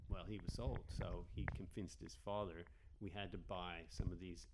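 A man's voice: sits low, normal speed, very noisy. A man from Canada, a comedian guest on a podcast, telling rambling stories with lots of restarts. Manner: rambling, animated storyteller with frequent restarts. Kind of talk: casual podcast storytelling.

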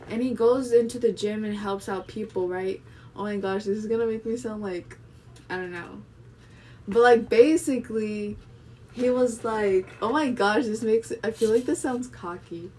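A woman's voice: medium pitch, a little mellow, slight background noise. A young woman vlogging in a casual, rambling way, filling her talk with constant fillers. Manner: rambling, filler-heavy, chatty. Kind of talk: casual monologue vlog. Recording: voice a bit distant from the mic.

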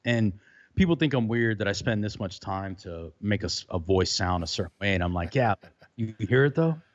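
Casual male podcaster, rambling delivery, slightly low voice, muffled lo-fi remote audio from a room with a little reverb. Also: brisk. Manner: loose, rambling with many fillers. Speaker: podcaster guest. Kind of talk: casual chat.

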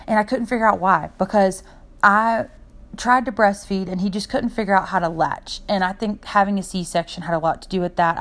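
A young woman talks through her podcast off the cuff, sincere and heartfelt, and drifts from one point to the next. Her voice sits a little low for a woman. She speaks in a loose, personal monologue with no notes. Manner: rambling and heartfelt, jumps between points. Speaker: podcast host.

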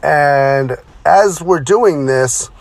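A middle-aged man, a former pro wrestler, telling stories in a brisk, conversational, self-deprecating way. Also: a little high, creaky, no room sound. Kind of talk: casual storytelling.

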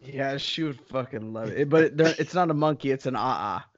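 A man's voice: mid-range voice, a little fast. A man co-hosting a podcast in casual chat who talks in a jokey, playfully defensive way. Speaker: podcast co-host. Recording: muffled lo-fi podcast audio.

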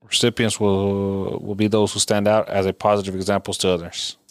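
A man's voice: on the low side, flat delivery, brisk, smooth, dry recording, clean studio sound. A man in his thirties co-hosting a podcast, an easygoing storyteller who laughs often. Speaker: podcast co-host. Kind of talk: casual chat.

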